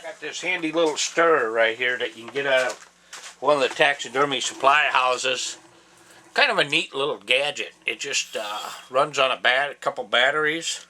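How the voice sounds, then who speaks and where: A man's voice: on the high side, sharp tone, low-quality recording. A man giving a casual step-by-step craft demonstration in his home workshop, plain-spoken and folksy with rambling asides. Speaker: taxidermy instructor. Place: home workshop with air compressor. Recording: hissy workshop audio, compressor noise. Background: air compressor and spray hiss.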